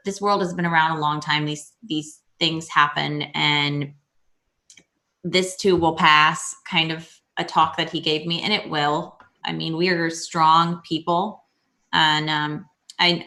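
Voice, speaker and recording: A woman with a low, bright, forceful voice chats casually over a video call. She tells stories with animation and acts out the people in them, shifting her voice for each quote. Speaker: guest.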